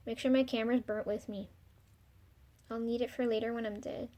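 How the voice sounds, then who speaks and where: A young woman talking to the camera in a rambling, confessional video diary, full of ums, casual swearing and soft trailing pauses. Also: fairly high pitch, steady tone. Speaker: vlogger.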